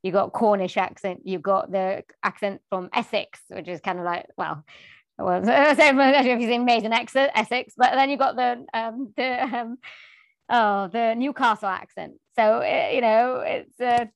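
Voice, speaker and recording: A woman's voice: fairly high pitch, steady tone, moderate pace, gravelly, dry recording. Brief: British woman guest, chatty and laughing, dry close recording. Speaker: guest, voiceover artist and singer. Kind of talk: casual chat.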